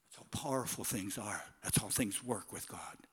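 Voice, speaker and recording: A male pastor preaching in a church sanctuary, animated and conversational, moving from loud declarations to near-whispers. His voice is bright and forceful, and a long reverb from the hall trails after each phrase. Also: on the low side, normal speed, husky. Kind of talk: sermon.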